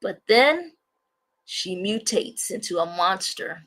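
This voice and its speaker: A woman's voice: mid-range voice, lively intonation, slow pace, a bit bright. A woman hosting a casual livestream, rambling and repeating herself as she talks to viewers. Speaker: livestream host.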